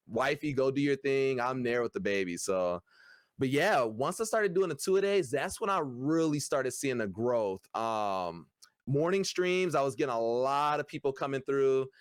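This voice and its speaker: A young man, a streamer, chatting casually and easygoing, with many pauses. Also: mid-range voice, smooth, no room sound, clean studio sound. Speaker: streamer, guest. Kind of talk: casual podcast chat.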